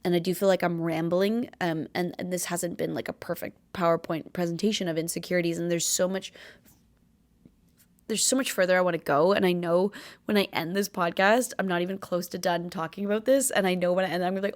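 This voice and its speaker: Her voice is lowish and steady, and she talks fairly quickly. She's a Canadian podcast host in her late twenties whose earnest, confessional chatter rambles casually and is packed with fillers.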